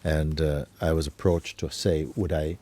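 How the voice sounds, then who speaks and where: A man acting as a spiritual teacher, talking gently and unhurriedly in an informal talk, often adding tag questions like "you see". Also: very deep voice, little pitch movement, normal speed.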